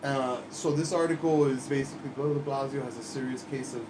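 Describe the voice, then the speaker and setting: A man, a podcast co-host mocking with incredulous, animated energy. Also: mid-range voice, fairly quick. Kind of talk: casual profane chat. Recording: faint background noise.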